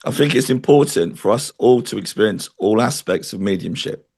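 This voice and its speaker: A man's voice: lowish voice, animated, moderate pace, creaky, darkish tone, slightly rough. A man interviewed as a spiritual medium, talking in an earnest, chatty way and telling stories. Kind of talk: interview conversation.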